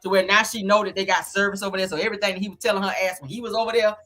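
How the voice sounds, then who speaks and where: Talking at a racing pace, a woman hosts a live-stream recap of a reality show, speaking to viewers bluntly, sassily and with profanity. Her voice is medium-pitched, level in tone and slightly bright.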